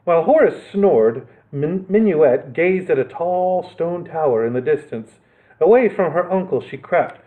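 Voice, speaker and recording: A male children's librarian reads a picture book aloud with playful asides. His voice is lively and sits a little high, and the audio sounds thin and phone-like. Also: unhurried.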